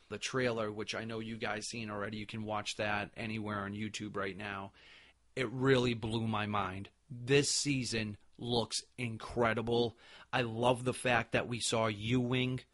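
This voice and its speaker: A man hosting a podcast, telling a convention story in an excited, animated way with many fillers. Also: medium pitch. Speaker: podcast host. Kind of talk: casual storytelling recap.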